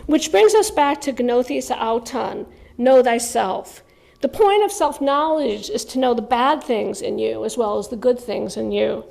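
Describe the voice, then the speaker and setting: A woman's voice: a little high, normal speed, gravelly, hardly any pauses, a little mellow. A woman writer giving a reflective spoken lecture, earnest and stressing key words. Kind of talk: spoken lecture on religious texts.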